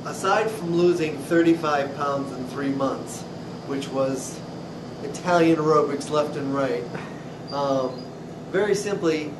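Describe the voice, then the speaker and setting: A man who owns a deli, telling funny stories about his customers in an animated way. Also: a little high, distant mic. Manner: animated storyteller acting out customers. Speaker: deli owner. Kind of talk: storytelling. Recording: roomy echo with clear noise.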